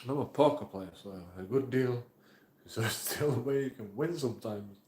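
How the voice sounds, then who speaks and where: Speaking at an ordinary pace in a medium-pitched, somewhat dark voice, this man, a YouTube auditor vlogger, delivers an emotional, meandering monologue with curses and repetition. The recording has a roomy echo.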